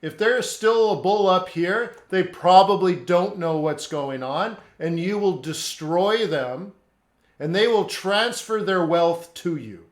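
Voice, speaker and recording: A man's voice: high-pitched, a little slow, hardly any pauses, reverberant. A man teaching a live trading lesson, reading out chat questions and answering them bluntly, with lots of repetition. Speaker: forex trading instructor.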